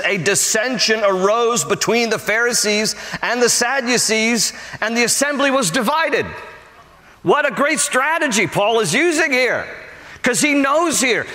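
A man preaching a sermon as pastor, animated and storytelling, acting out the voices of people he quotes. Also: sits high, in a large hall.

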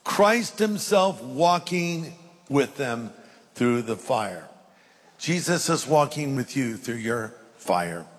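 A man's voice: mid-range voice, animated, takes it slowly. A middle-aged male pastor preaching a sermon, reading scripture aloud and acting out the voices in it. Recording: long hall reverb.

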